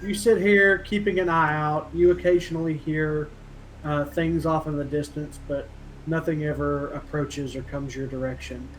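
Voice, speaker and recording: A man narrating as game master of a tabletop game, unhurried and full of uhs. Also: on the high side, fairly even intonation, a little hiss or hum, low-quality recording. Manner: unhurried, filler-heavy narration.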